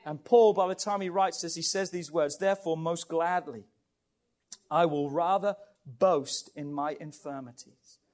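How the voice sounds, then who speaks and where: High-voiced preacher man urging "come on". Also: measured pace. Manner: reads scripture aloud, then urges the congregation with "come on"; builds to loud, impassioned climaxes. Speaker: pastor. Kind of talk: sermon.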